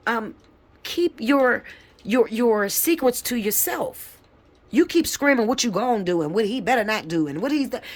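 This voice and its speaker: A woman reading tarot live who talks plainly and bluntly, dropping curse words as she lectures. Her pitch sits in an ordinary middle range, and she jumps up sharply when she drives a point home. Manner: emphatic, swoops up high when fired up. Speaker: tarot reader.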